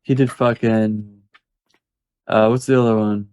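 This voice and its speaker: A man co-hosting a podcast in relaxed casual chat, swearing offhandedly. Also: lowish voice, unhurried, clear, resonant tone, no echo. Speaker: podcast co-host.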